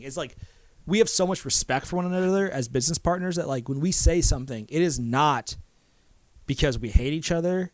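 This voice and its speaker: A man's voice: fairly high pitch, no room sound. A man talking animatedly as a guest in a casual chat, full of likes and restarts. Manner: animated, filler-heavy, lots of likes and restarts. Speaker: podcast guest. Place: Nashville.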